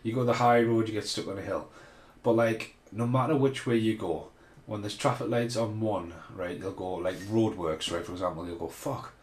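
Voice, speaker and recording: A man's voice: fairly low pitch, moderate pace. A man hosting a casual film commentary podcast, rambling and swearing freely as he rants. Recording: roomy echo.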